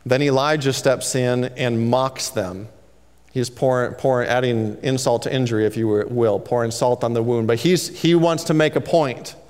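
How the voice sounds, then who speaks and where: A man's voice: on the high side, smooth, long reverb tail. A man preaching an expository sermon, retelling the scripture story in casual everyday paraphrase.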